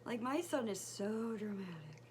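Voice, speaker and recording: A woman telling a story while doing her makeup, chatty and rambling, with fillers and soft asides. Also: mid-range voice, very animated, moderate pace, slight background noise. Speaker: beauty vlogger and mother. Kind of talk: casual get-ready-with-me story chat.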